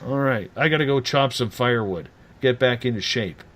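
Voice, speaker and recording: A man hosting a late-night radio talk show, animated and teasing as he rants. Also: medium pitch, moderate pace.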